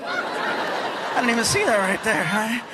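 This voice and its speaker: A man performing a stand-up comedy set before a live audience, animated and acting out quotes. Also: very high voice, unhurried, a loud crowd. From United States. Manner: animated, acts out voices and quotes. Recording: live audience laughter, background noise.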